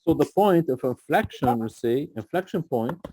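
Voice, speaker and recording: A man's voice: on the high side, lively intonation, normal speed, warm tone, slight background noise. Patient man tutoring math. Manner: patient, repeats "okay?" to check understanding. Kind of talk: live tutoring session.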